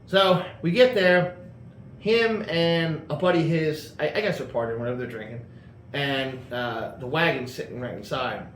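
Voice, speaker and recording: Recorded in an echoey room with faint ambience and a little hiss or hum, a man with a voice on the high side tells a long car story as host. He speaks at a moderate pace with a fairly bright tone, rambling with many fillers and restarts.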